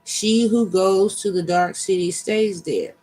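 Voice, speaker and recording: An angry old father god refuses his daughter, as a man reads him. The reading is stern and measured. The voice sits high. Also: a little mellow, rough recording.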